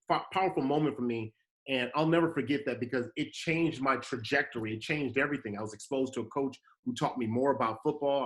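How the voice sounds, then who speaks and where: Guy in his 30s hosting, animated storyteller, average pitch, acts out the quotes. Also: low-quality recording. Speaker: host. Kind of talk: motivational storytelling talk.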